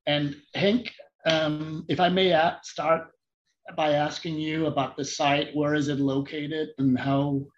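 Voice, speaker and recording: A man hosting a technical interview, introducing guests and asking courteous, measured questions. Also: on the high side, little pitch movement, lo-fi sound. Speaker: host.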